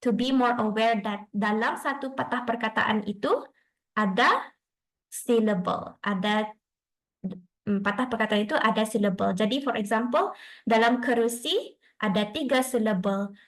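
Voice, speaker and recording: A young woman speech therapist giving an online presentation to parents over a video call, explaining steps slowly and mixing in Malay phrases. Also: on the high side, poor audio.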